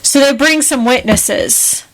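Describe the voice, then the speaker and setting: A woman co-hosting a podcast, retelling a film plot in casual chat with animated, quick asides. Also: high-pitched. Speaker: podcast co-host.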